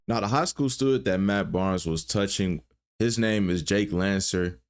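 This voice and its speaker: A man's voice: sits low, normal speed, very noisy. A man hosting an online commentary video, steadily narrating a recap of a news story. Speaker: YouTube commentary host.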